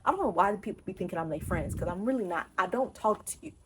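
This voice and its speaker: A young woman vlogger from Texas tells an animated, emphatic, profane storytime in casual talk. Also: fairly low pitch, fast talker, slight background noise.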